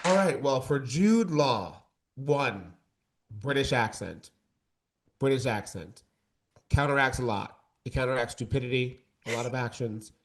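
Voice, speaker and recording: A man's voice: medium pitch, animated, normal speed. A man co-hosting a casual podcast debate, talking in an emphatic, campy, joking way. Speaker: co-host.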